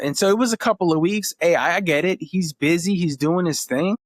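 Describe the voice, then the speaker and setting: A man's voice: fairly high pitch, a little fast, few pauses, no room sound, clean studio sound. A man in his thirties, a podcast guest, telling family stories in an earnest, emotional way. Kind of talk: casual interview talk.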